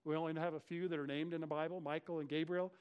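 Man preaching with animated storytelling. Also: on the high side, quick pace, smooth, dull audio. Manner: conversational, animated storytelling with slang asides. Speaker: pastor. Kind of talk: expository sermon.

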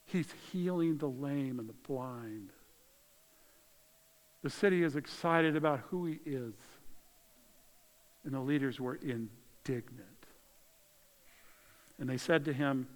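A man preaching a conversational, animated sermon as pastor, swinging between loud emphasis and quiet asides. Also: mid-range voice, moderate pace, pauses often, in a large hall, poor audio. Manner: animated, conversational preaching with dramatic shifts in volume.

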